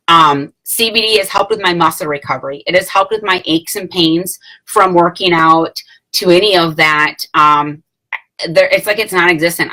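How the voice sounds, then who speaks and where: Chatty late-thirties woman, bright voice. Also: on the low side, low-quality recording. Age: late 30s. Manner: rambling, chatty, many fillers and self-corrections; laughs between phrases. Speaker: vlogger sharing a product testimonial. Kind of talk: casual talk to camera.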